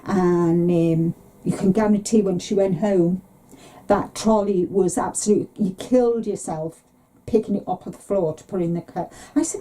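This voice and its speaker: A middle-aged woman co-hosting a podcast in casual, rambling chat, sometimes mimicking relatives in a higher voice. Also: moderate pace, dark tone. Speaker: podcast co-host.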